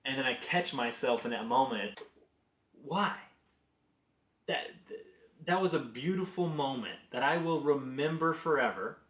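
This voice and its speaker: A man in his thirties, a business executive, sharing career lessons through earnest, conversational personal stories. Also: medium pitch. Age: 30s. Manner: conversational, earnest, animated in anecdotes. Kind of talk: reflective personal storytelling and advice. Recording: roomy echo.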